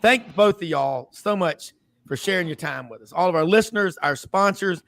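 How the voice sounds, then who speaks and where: A man with a high voice hosts a casual sports talk show. He rambles through stories and slips into the voices of the people in them. The sound is dry and close. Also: expressive, moderate pace, vocal fry, fairly bright tone, dry recording. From Memphis, US South. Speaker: host.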